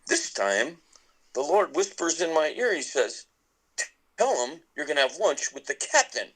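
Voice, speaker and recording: A man's voice: a little high, big pitch swings, a little slow, fairly bright tone, husky, poor audio. Man telling a rambling story. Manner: rambling with many restarts and laughs. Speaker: podcast guest, musician. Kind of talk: casual storytelling.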